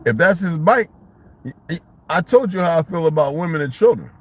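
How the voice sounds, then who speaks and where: Husky, animated man telling a story. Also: fairly high pitch, brisk. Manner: animated, profane street-talk storytelling. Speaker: vlogger. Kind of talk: casual storytelling monologue.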